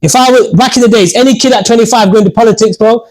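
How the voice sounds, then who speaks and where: A man's voice: extremely high pitch, fast talker, darkish tone, rough recording. A man hosting a podcast, telling stories in a casual, chatty way and addressing viewers as guys. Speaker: podcast host. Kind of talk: casual chat.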